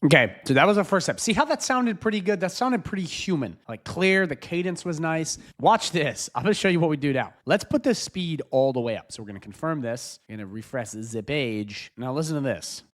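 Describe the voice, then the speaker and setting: Fast-talking man giving a casual software walkthrough. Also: on the high side, expressive. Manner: fast, chatty, laughs often. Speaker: software tutorial host. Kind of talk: casual screen-share tutorial.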